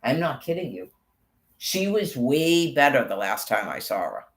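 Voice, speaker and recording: An angry man rants on and on. His delivery is rambling and heavy with swearing, at a middle pitch. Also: very animated, unhurried. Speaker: vlogger. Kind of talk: profane ranting monologue.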